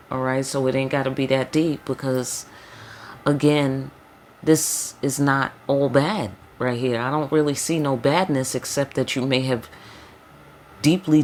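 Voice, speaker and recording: Low-voiced woman, slangy tarot reader. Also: a little hiss or hum. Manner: loose, slangy, emphatic, frequent check-ins like "hello?" and "okay?". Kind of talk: casual spiritual reading.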